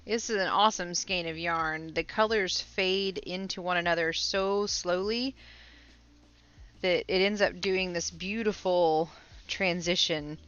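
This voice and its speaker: A woman's voice: lowish voice, steady tone, a little slow, fairly bright tone, clear, resonant tone, lo-fi sound. A woman hosting a casual crochet livestream, chatting with viewers and laughing often. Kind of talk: casual live chat with viewers.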